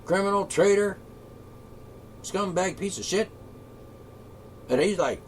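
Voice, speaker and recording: High-voiced man ranting with profanity. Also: a little slow, pauses often, a little hiss or hum. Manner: profane, sarcastic, swings between shouting and muttering. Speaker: political commentator. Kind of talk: angry solo rant.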